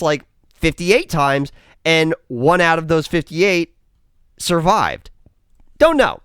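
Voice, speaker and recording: A man's voice: fairly high pitch, no room sound, clean studio sound. A man giving a casual, rambling film review, sarcastic and swearing freely as he recaps the plot.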